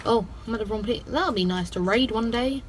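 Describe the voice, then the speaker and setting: A woman's voice: a little high, a little fast, a little hiss or hum. A playful female host, casually commenting over gameplay with goofy sing-song bits and a habit of saying "bloody". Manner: self-censors swearing, says "bloody" a lot. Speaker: gaming channel host.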